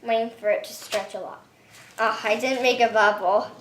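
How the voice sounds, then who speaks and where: Excitable squealing woman making slime. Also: on the high side, fairly quick, echoey room. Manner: excitable, squeals and shrieks often. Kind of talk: excited hands-on vlog narration. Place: home bathroom and table.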